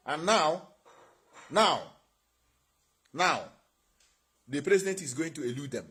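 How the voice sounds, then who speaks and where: A man's voice: on the high side, animated, slow pace, long pauses, pushed and bright, slightly rough. A man with a Nigerian accent hosting an impassioned livestream, preaching and asking his viewers rhetorical questions. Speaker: online show host.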